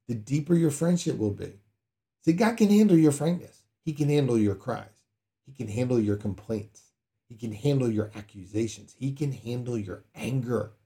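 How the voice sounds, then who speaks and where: A man's voice: medium pitch, mellow. A man preaching a sermon in a conversational way, acting out prayers with sudden dramatic outbursts. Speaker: pastor.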